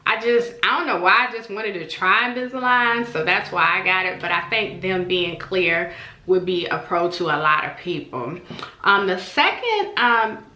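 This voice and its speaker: A woman's voice: lowish voice, animated, moderate pace, bright, forceful tone. A woman, talking casually and openly in a personal vlog, acting out the voices of people she quotes. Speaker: vlogger. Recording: echoey room.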